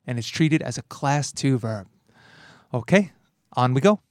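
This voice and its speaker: A man hosts a language lesson, walking through grammar step by step. He is lively and quick to laugh, and he acts out the dialogue lines with relish. His voice sits in a middle range and is recorded dry and close. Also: medium pitch, no room sound. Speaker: language teacher and host. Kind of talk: explaining grammar in a lesson podcast.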